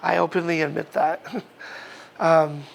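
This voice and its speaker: A male pastor giving a relaxed, chatty sermon, reading scripture aloud and chuckling between thoughts. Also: a little high, slow, vocal fry, a little hiss or hum.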